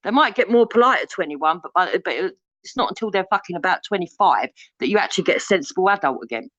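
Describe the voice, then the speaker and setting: A woman's voice: lowish voice, lively intonation, fast talker, a bit bright, no room sound, low-quality recording. A woman, debating bluntly on a live stream, lecturing and swearing freely. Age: 50s.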